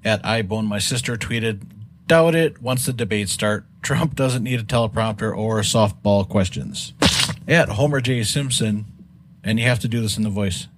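A man hosting a comedy segment where he reads tweets aloud in a brisk, mocking way, chuckling along. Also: fairly low pitch. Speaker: segment contributor reading tweets. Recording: noisy separate recording.

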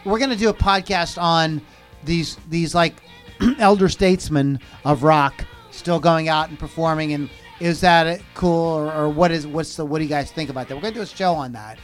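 A man's voice: fairly high pitch, moderate pace, faint music behind. A man hosting a casual podcast, rambling and often restarting his sentences as he reads out viewer comments. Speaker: podcast host. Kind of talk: casual chat on a live podcast.

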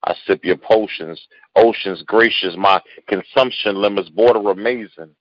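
Low-voiced man reciting spoken word poetry. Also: normal speed, no echo. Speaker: guest poet. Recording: muffled lo-fi call audio.

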